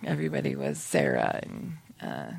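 A man's voice: very deep voice, wildly swooping pitch, moderate pace, gravelly, breathy edge, dry recording. A man co-hosting a podcast who works at a news office, chatting casually. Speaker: podcast co-host. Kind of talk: casual chat.

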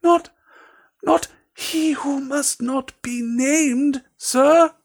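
A man voicing an anxious, frantic male house elf in a high, squeaky, pleading voice. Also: very slow, heavily acted.

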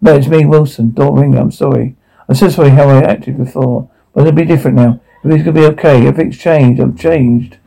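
A man's voice: medium pitch, fairly even intonation, fast talker, gravelly, mellow, rough recording. A man voicing a remorseful father who pleads and apologizes to his family. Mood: pleading.

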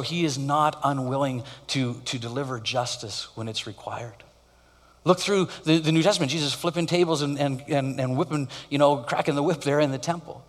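A male pastor giving a conversational sermon with animated storytelling. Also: medium pitch, big-room sound.

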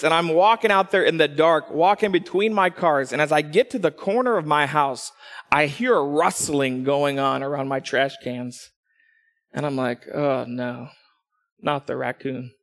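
A man telling a personal story as a preacher, animated, dropping low for asides and rising when excited. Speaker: pastor. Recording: long hall reverb.

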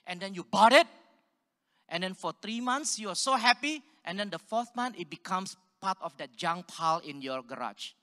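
A man's voice: high voice, lively intonation, normal speed, pushed and bright. A man from Singapore giving a sermon, telling stories animatedly and asking the audience questions. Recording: long hall reverb.

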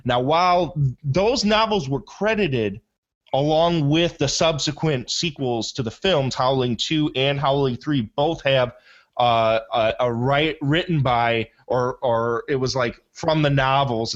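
A man's voice: medium pitch, measured pace, lo-fi sound. A man hosting a movie podcast in casual chat, rambling enthusiastically and often correcting himself mid-sentence. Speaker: podcast host.

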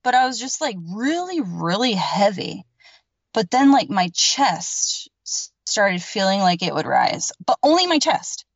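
A woman's voice: medium pitch, big pitch swings, unhurried, husky, dry recording. A woman telling a personal story as a podcast guest, rambling and emphatic, with lots of filler words and casual swearing. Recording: dull, dry lo-fi recording.

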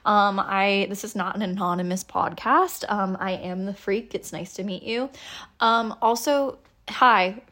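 A woman's voice: mid-range voice, measured pace, fairly bright tone. A woman hosting a casual solo podcast, frustrated and close to tears, rambling with many ums and self-deprecating laughs, recorded on an iPhone. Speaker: podcast host.

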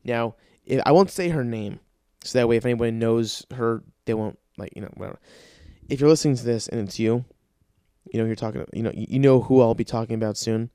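A man's voice: mid-range voice, fast talker, warm tone, smooth, dry recording, studio quality. A young man hosting a podcast, ranting in a profane, comedic way and mocking people with sarcastic voices. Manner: swears constantly, mocks with sarcastic quoted voices. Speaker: podcast host. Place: Los Angeles.

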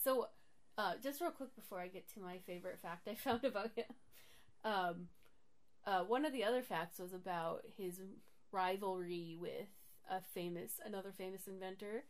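A woman's voice: mid-range voice, moderate pace. A woman co-hosting a casual podcast chat, laughing often as she shares facts. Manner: giggly, laughs often while reading out facts. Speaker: podcast co-host.

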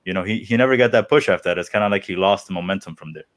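Hesitant low-voiced man. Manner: hesitant, halting, repeats words. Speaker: podcast co-host. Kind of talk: casual chat.

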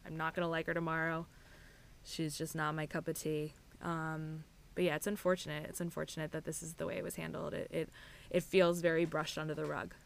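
A woman's voice: low voice, brisk, gravelly. A woman co-hosting a podcast, talking candidly in a casual chat and scattering "like" and "I mean" through her sentences. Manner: candid and animated, frequent "like" and "I mean". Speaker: podcast co-host.

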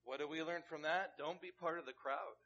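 Man, pastor, conversational sermon, bright voice, rhetorical questions, muffled lo-fi sound. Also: a little high, brisk, slight background noise.

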